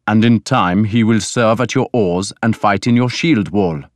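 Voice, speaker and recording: A man reading the part of an anxious older farmer, pleading earnestly and slowly. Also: on the low side, no echo, studio quality, lightly acted.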